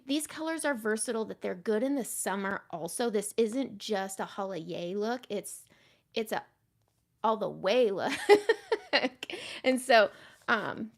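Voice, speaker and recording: Woman makeup host, casual live chat, gravelly tone, mutters asides to herself. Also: fairly high pitch. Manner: chatty, greets viewers, drifts into soft muttered asides. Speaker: makeup artist hosting a livestream.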